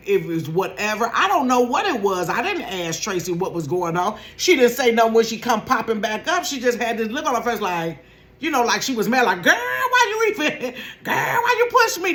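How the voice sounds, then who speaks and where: A woman in her fifties telling a casual storytime vlog from her bedroom, animated and laughing, acting out quotes in a high voice and sometimes dropping to a whisper. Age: 50s. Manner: drops to a whisper at times.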